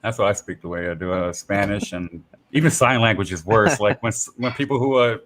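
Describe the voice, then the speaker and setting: A man's voice: lowish voice, a little fast, a bit bright, slight background noise, low-quality recording. A man co-hosting a casual podcast, talking in a loose, slangy, blunt way. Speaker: podcast co-host. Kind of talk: casual chat.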